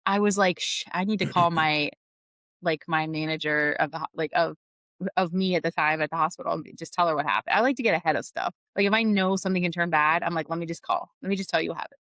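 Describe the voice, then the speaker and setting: Woman telling work stories on a podcast, kinda low voice, laughs a lot, dry close sound. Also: fast talker, no room sound. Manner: animated, laughs often, acts out quoted lines. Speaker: podcast guest, lead EMT. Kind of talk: casual storytelling chat.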